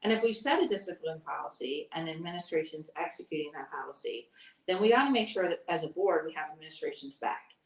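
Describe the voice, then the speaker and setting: A woman with a low, expressive voice talks fast as she answers questions on school policy at a candidate forum, earnest and explanatory, with frequent fillers. She's a school board candidate, and she sounds far off in an echoey room.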